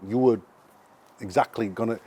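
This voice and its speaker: Low-ish sheffield bloke, middle-aged, rattling off sweary stories in an interview. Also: male voice, normal speed, a little hiss or hum. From England. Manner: animated, sweary anecdotes. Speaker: musician guest. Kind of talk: casual interview storytelling.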